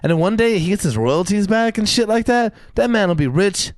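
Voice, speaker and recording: A man's voice: sits high, lively intonation, fairly quick, no room sound. A man co-hosting a podcast, talking in an emphatic, profane rant full of casual slang. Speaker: podcast co-host. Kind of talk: casual chat.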